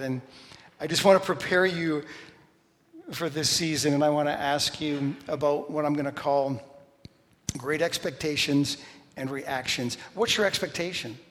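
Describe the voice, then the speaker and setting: Middle-aged male preacher, animated storyteller, slightly high voice, long hall reverb. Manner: storytelling, animated, shouts quoted lines. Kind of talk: sermon.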